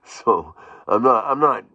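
A man chatting casually in his own vlog, rambling with frequent restarts and soft chuckles. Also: mid-range voice, creaky, husky, no echo. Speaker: YouTube vlogger. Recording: dull, dry, lo-fi sound.

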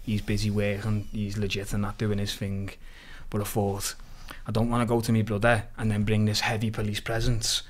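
A man's voice: lowish voice, moderate pace, few pauses. A man on a podcast, telling stories in a casual chat and laughing as he goes. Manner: animated, swears freely, laughs through his stories. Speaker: podcast guest. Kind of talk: casual storytelling.

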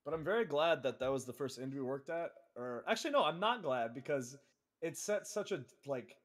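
A man's voice: on the high side, animated, brisk. A man co-hosting a game stream, telling crude, joking wrestling stories in casual banter. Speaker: co-host and wrestler.

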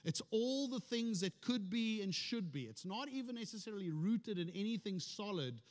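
A man with a high-pitched voice preaches in a church, speaking to the congregation with a conversational, storytelling manner and playful humor. His voice carries a long reverb from the sanctuary. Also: animated, normal speed. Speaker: pastor. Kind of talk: sermon.

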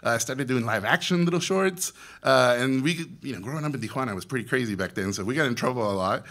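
A man in his forties with a Mexican accent gives an animated storytelling talk to students. His voice is bright and forward, with a ringing edge. He slips into the voices of the people in his stories. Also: mid-range voice, fast. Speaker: guest speaker, animation director.

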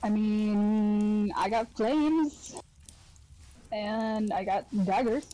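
A woman playing a tabletop roleplaying game, speaking casually and haltingly. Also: mid-range voice, fairly even intonation, dark tone, rough recording. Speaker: player.

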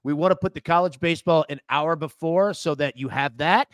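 A man's voice: on the high side, brisk, no room sound, clean studio sound. A man co-hosting a live sports betting show, upbeat as he explains picks and announces new content. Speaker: co-host.

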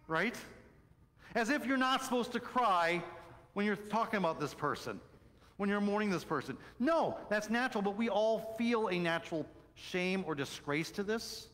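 Animated pastor preaching in a reverberant church. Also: male voice, sits high. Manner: animated storytelling, swings from loud excitement to soft hushed tones. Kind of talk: sermon. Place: church sanctuary.

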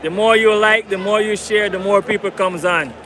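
A man's voice: high-pitched, steady tone, moderate pace. A man livestreaming a football match as a fan, repeating himself and hyping viewers to like and subscribe, from the stadium stands. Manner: repetitive, hyping, begs for likes. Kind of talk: live match commentary stream. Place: stadium stands among fans. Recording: loud crowd and outdoor noise. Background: stadium crowd.

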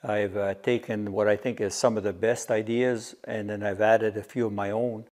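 A man's voice: medium pitch, a little mellow. Male DIY maker, mid-range voice, casual show-and-tell, methodical technical explainer.

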